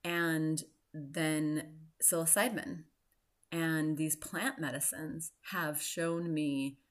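A woman in her forties, a podcast host, telling a personal story in an earnest, reflective way with soft laughs. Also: deep voice, fairly even intonation, drawn-out words. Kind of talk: personal story and motivational talk.

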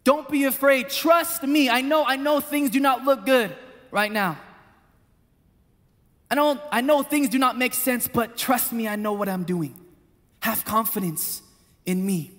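Calm confident teacher figure, put on by a male preacher, earnest and high-pitched, hall reverb. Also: a little slow, pauses often. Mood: reassuring. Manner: earnest, pleading reassurance.

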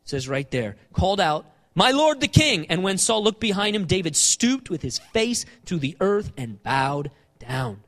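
A man preaching a sermon, animated, repeating phrases and acting out the lines of scripture he quotes. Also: sits high, measured pace. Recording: long hall reverb.

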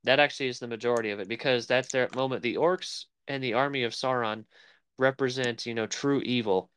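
A man's voice: medium pitch, fairly even intonation, brisk, a bit bright, clear, resonant tone. A man co-hosting a casual film podcast, rambling and searching for words as he talks. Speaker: podcast co-host. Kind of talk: casual chat about film.

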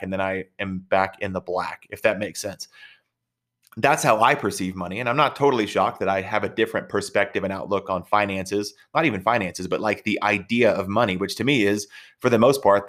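A man's voice: fairly low pitch, fairly bright tone. A man, an entrepreneur hosting his own show, telling a casual story in a chatty, rambling way with frequent repeated words. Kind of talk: casual anecdotal monologue.

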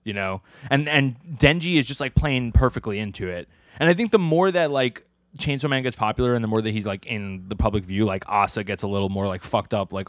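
A man's voice: on the low side, a little fast, dry recording, studio quality. A man co-hosting a casual podcast in a laid-back way, thinking aloud with many fillers. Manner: laid-back, lots of "like" fillers, laughs often. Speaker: podcast co-host. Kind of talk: casual chat.

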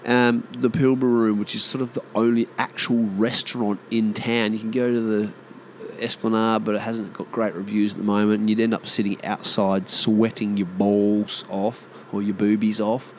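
A man in his thirties speaks in a broad Australian accent, rambling through a loose solo monologue and swearing often. His voice sits on the lower side, and a faint hum runs behind him. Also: level tone, moderate pace. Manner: swears freely, mimics mates in exaggerated voices. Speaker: vlogger.

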